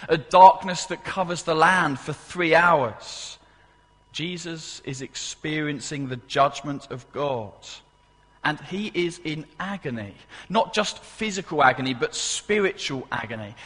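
Male pastor with a bright, forceful voice, emphatic, preaching in a reverberant church. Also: on the high side, breathy edge. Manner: emphatic, repeats key phrases, asks the congregation questions. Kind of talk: sermon. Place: church service.

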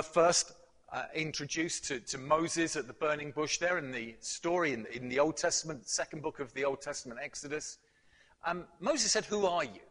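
Male preacher, slightly high and very lively pitch, emphatic, long hall reverb. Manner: emphatic, building to loud climaxes, with fillers and restarts. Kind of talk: sermon.

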